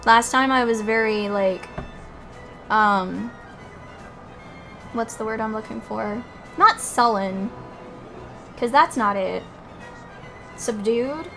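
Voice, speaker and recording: A woman's voice: fairly high pitch, takes it slowly, creaky, long pauses, bright, forceful tone, soft background music. A woman streaming a game, chatting casually in a self-deprecating way and searching aloud for words. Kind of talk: casual gaming commentary.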